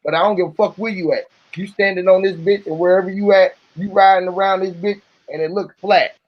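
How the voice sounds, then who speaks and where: A man's voice: high-pitched, steady tone, brisk, dull audio. A man talking casually to camera in a profane, musing, freewheeling way. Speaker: vlogger. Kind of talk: casual rambling talk to camera.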